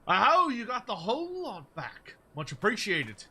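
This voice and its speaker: A man's voice: high voice, huge pitch swings, measured pace, sharp tone, husky, voice pushed up, heavily acted. A man voicing a pushy, working-class male miner in a video game, putting on a British accent and dropping his consonants. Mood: gruff. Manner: blunt, dropped consonants, bargaining.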